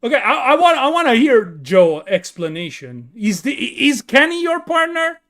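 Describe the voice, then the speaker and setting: A man calling a video game wrestling match with excitable, yelling play-by-play and slips in English grammar. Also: very high-pitched, moderate pace. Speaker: commentator and wrestler persona.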